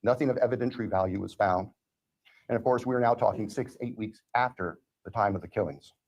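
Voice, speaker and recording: A man speaking as a prosecutor in court, delivering a formal, measured legal statement. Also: lowish voice, a little mellow, slightly rough.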